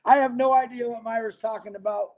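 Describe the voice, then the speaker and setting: A man hosting a casual livestream, rambling upbeat as he greets viewers by name, talking fast and a bit mumbled. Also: extremely high pitch, steady tone. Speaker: livestream host. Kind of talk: casual livestream chat reading viewer comments.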